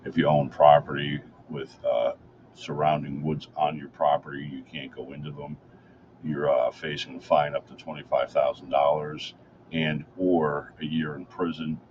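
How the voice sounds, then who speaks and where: Very deep-voiced insistent male commentator. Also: little pitch movement, moderate pace, highs cut off, a little hiss or hum. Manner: insistent, listing complaints. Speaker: guest commentator. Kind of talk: political talk show.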